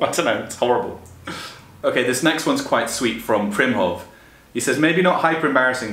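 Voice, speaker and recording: A man's voice: mid-range voice, a bit bright, echoey room. A young man chatting casually, reading out stories and often breaking into laughter at them. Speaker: vlogger.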